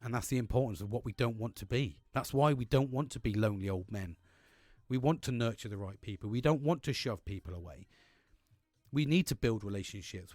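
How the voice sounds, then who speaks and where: A man's voice: fairly low pitch, darkish tone, no echo, studio quality. A man, hosting a podcast as a casual monologue, talking frankly with a lot of swearing and laughing often. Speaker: podcast host.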